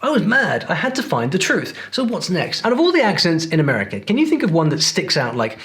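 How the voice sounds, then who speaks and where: A man's voice: high-pitched, wildly swooping pitch, quick pace, a bit bright. A male linguist hosting a video lesson, narrating in an upbeat way and teasing the viewer with questions. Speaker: linguist and channel host.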